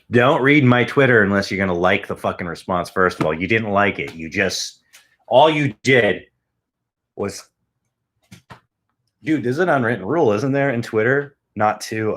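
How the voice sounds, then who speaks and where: A man with a voice on the low side and a fairly bright tone hosts a podcast from home. He speaks right up against a studio microphone, rambling loosely, cursing, and making fun of himself.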